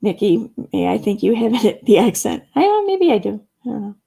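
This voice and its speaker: Chatty woman streamer with a gravelly voice. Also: on the high side, sing-song, a little fast, mellow. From Central New York. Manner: chatty, laughs often, reads chat comments aloud. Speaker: live streamer. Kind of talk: casual live stream chat reading comments.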